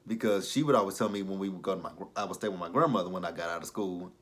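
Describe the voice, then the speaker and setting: A man in his thirties reviewing a TV episode in casual chat, rambling into animated stories and tangents. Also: low voice, very fast. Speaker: YouTube TV reviewer.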